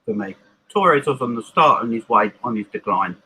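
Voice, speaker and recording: A man giving emphatic football opinions in a casual fan panel chat, with quick restarts. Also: mid-range voice, sing-song, gravelly, sharp tone, slight background noise, rough recording.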